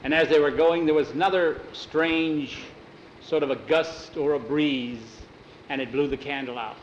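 A man's voice: on the high side, steady tone, measured pace, echoey room, muffled recording, a little hiss or hum. A man telling a spooky story aloud, casually repeating "he says" between quotes. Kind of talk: oral storytelling.

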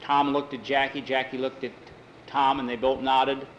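A man telling a western story in a folksy, relaxed way. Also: medium pitch, normal speed, lo-fi sound, slight background noise. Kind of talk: oral storytelling.

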